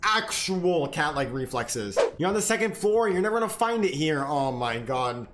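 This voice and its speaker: A young man streaming a video game, swearing, shouting and laughing as he reacts to the match. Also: on the high side, moderate pace, music in the background. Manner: profane, excitable, yells and laughs at the game. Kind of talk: live gameplay commentary.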